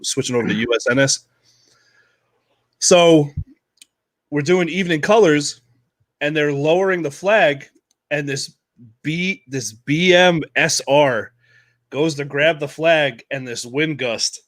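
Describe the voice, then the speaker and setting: A man co-hosting a casual podcast, telling Navy stories in a profane, animated way and acting out shouted quotes. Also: mid-range voice, dry recording. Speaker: podcast co-host, Navy veteran. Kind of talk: casual storytelling chat.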